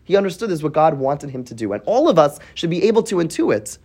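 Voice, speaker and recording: Male Torah teacher, lively pitch, quizzes the class, restarts thoughts mid-sentence. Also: quick pace, husky. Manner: asks the class questions, thinks aloud with restarts. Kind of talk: weekly Torah portion class.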